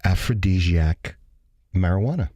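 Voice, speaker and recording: A man's voice: sits low, unhurried, darkish tone, no echo, clean studio sound. A man co-hosting a radio show in a playful, joking, casual chat. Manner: playful, jokey, drops in pirate growls.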